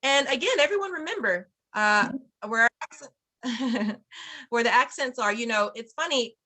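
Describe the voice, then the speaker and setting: A woman's voice: on the high side, expressive, normal speed, bright, forceful tone. A woman teaching an online Spanish class to parents, cheerful and encouraging, laughing often over a video call.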